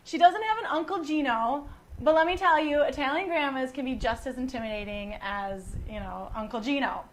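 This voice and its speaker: High-voiced joking American wine teacher woman. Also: normal speed. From United States. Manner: chatty, joking, teasing. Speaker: wine educator and host. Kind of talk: casual online wine class.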